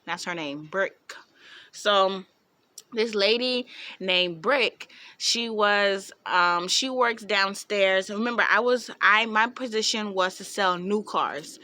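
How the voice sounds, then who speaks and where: A young woman vlogger telling a storytime tale in a sassy, animated way, with laughing asides. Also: mid-range voice, dry recording. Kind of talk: storytime vlog.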